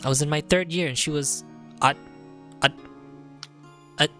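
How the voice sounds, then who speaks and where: Low-pitched woman streamer, loose and joking. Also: moderate pace, pushed and bright, faint music behind. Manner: joking, swears, laughs at herself. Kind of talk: casual game reading with commentary.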